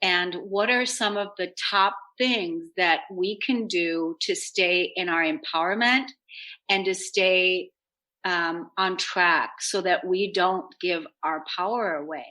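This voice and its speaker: Woman talk radio host: bright, upbeat, earnest self-help chat. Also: fairly low pitch, slow, poor audio.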